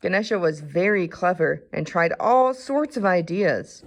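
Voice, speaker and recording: A woman's voice: lowish voice, lively intonation, unhurried, creaky, few pauses. Woman reading a children's story aloud.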